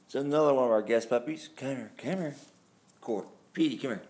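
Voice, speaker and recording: A man's voice: mid-range voice, brisk, a little mellow. A man with a Texan accent, filming at home and talking casually, baby-talking to dogs and laughing often as he chats. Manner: coos and baby-talks to the dogs; laughs often, chatty and playful. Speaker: dog-sitting home vlogger. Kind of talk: casual home video talk. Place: home, indoors and in the yard. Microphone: handheld camera mic.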